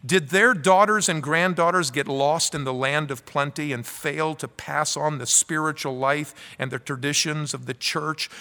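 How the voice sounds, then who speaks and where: A man's voice: a little high, pushed and bright, big-room sound. A man preaching a sermon from the pulpit, earnestly reading aloud from a quoted article. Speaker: pastor. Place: church sanctuary.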